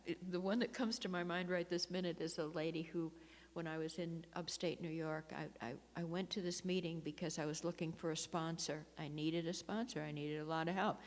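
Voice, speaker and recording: Lower-voiced woman, laughing meeting speaker. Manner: rambling storytelling with frequent laughs and restarts. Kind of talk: personal recovery talk to a meeting. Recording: long hall reverb.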